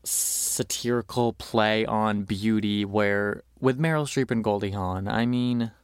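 Male podcast host, low voice, animated casual chat, lots of fillers, dry close sound. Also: slow pace, clear, resonant tone, no room sound. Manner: animated, filler-heavy, acts out quotes.

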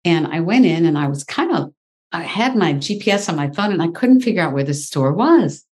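Low-voiced woman telling a story. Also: brisk. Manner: animated, exclaims often. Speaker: guest. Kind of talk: casual interview storytelling.

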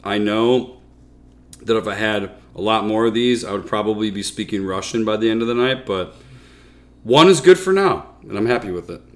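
A man's voice: fairly low pitch, moderate pace. A man co-hosting a casual beer-tasting podcast, laid-back and dry, chuckling now and then. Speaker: podcast co-host.

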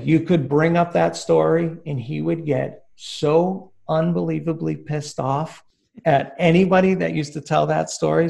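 Gravelly guy, on the higher side, animated podcast storyteller, swears constantly, acts out dialogue. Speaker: guest telling a story.

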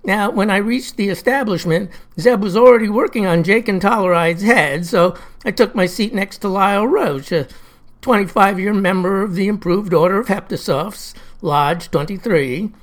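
A woman's voice: medium pitch, moderate pace. A woman tells a comic first-person story in a folksy, old-fashioned way. Her phrasing is drawling and down-home. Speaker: narrator.

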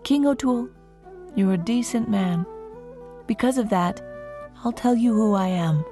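A woman's voice: mid-range voice, measured pace, dark tone, faint music behind, close to an everyday voice. A woman doing a sly, self-assured young saint. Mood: confident, sly. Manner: bold, teasing, self-assured. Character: cheeky young man who is secretly a saint.

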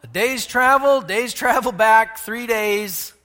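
High, bright-voiced preacher in a reverberant hall. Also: male voice, slow pace, faint music behind. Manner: animated, asks the congregation questions, swings between loud and hushed. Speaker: pastor. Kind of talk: sermon.

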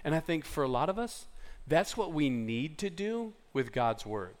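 A man in a church hall delivers a sermon in a chatty, storytelling manner. His voice sits a little high for a man, and he often restarts a sentence or drops in an "um" or "like" as he talks. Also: very animated, normal speed. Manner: conversational, storytelling with filler words and restarts. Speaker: pastor.

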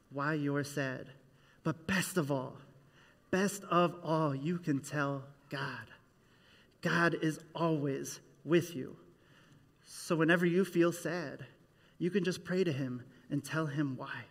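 This children's minister's voice runs on the high side at a slow pace as he tells a Bible story, leading the kids through actions and call-and-response. The service takes place in a hall with plenty of echo, and his delivery is lively.

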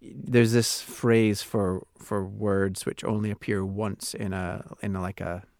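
A low man with a gravelly edge co-hosts a casual comedy chat. He talks in a chatty, thoughtful way in a dry, close sound. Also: flat delivery, slow pace, darkish tone, no room sound. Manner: chatty, thoughtful, trails off with fillers. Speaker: co-host.

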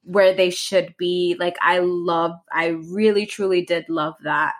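A woman's voice: on the low side, fairly even intonation, takes it slowly. A woman co-hosting a book podcast, chatting casually and rambling with lots of fillers. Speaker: podcast co-host.

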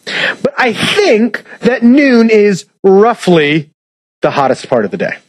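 High-voiced pastor preaching conversationally. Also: male voice, sing-song, slow pace, poor audio. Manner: conversational preaching with rhetorical questions. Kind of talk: sermon.

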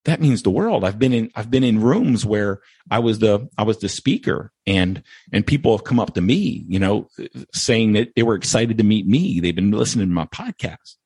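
A man's voice: lowish voice, animated, normal speed, darkish tone, slightly rough, no echo. A man hosting a podcast, talking earnestly and emotionally, repeating phrases as he thanks his listeners. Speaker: podcast host. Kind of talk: heartfelt podcast monologue.

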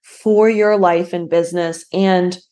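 A woman's voice: fairly low pitch, steady tone, slow pace, mellow. A woman hosting a podcast in a casual, rambling way, emotional and full of "like". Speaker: podcast host.

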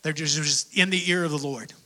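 A man delivers a sermon in a high and strikingly bright, cutting voice. He drops to near-whispers, then climbs to fervent shouts. He acts out prayers as little dialogues. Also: steady tone, fairly quick. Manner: swings from hushed whispers to shouted passion. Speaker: preacher.

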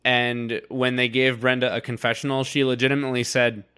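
A man's voice: medium pitch, little pitch movement, pushed and bright, clear, resonant tone. Thoughtful man on a podcast. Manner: thoughtful, reasoned, slightly halting. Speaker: podcast co-host. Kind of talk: casual podcast recap chat.

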